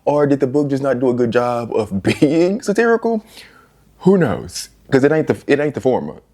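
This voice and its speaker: Animated, exasperated young man reviewing books. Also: mid-range voice, fairly quick. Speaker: book reviewer. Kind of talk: casual book review vlog.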